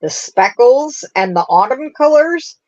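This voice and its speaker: Woman hosting a craft stream, chatty and rambly, laughs a lot, talks nice and slow. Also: sits high, lively intonation, a little mellow, dull audio. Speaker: craft show host. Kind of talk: casual livestream chat.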